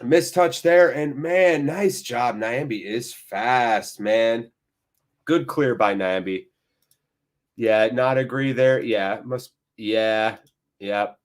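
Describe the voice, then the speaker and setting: Speaking very slowly in a mid-range voice, a man hosts a football watchalong live, pairing relaxed play-by-play with excitable, wandering chatter.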